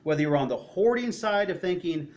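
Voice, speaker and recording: A man's voice: high voice, animated, a little fast. A male pastor preaching a sermon, asking the congregation questions and acting out the voices of the people he describes. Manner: acts out hoarders' voices in quotes. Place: church sanctuary.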